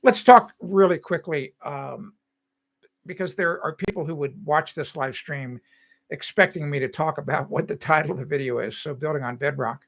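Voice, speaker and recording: Rambling older man, bright voice. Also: a little high, normal speed, vocal fry. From Cincinnati, Ohio. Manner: rambling, chuckling often, many fillers. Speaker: host of a home-building livestream. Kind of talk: casual livestream chat. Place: home, indoors.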